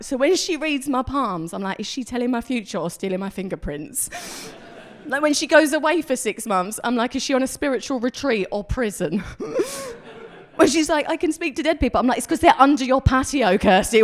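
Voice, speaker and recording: A woman in her thirties performs stand-up into a handheld mic on a club stage. Her voice sits a little high, and her delivery is chatty and self-deprecating, slipping into the voices of the people she quotes. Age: 30s. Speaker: stand-up comedian. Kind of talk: stand-up comedy set.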